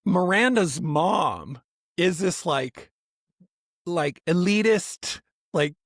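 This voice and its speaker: A man's voice: sits high, expressive, extremely slow, fairly bright tone, no echo, clean studio sound. A man co-hosting a podcast, telling a story in a casual, rambling way with lots of restarts and asides. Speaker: podcast co-host. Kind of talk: casual chat.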